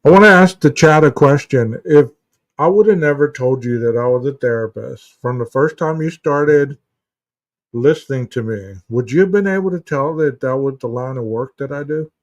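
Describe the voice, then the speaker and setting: A man's voice: mid-range voice, normal speed, dry recording, far from the mic. Man, therapist host, casual chat, rambling with fillers, dry muffled sound, set back from the mic. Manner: rambling, many restarts and "you know" fillers, storytelling. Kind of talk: casual live-stream chat, answering viewer chat.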